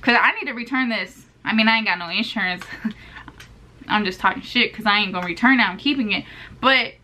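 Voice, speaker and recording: A woman's voice: mid-range voice, fairly quick, sharp tone, a little hiss or hum. A woman of twenty-one, answering get-to-know-me questions in a casual, sassy vlog while chewing gum. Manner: chatty, sassy, playful asides to viewers. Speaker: beauty vlogger.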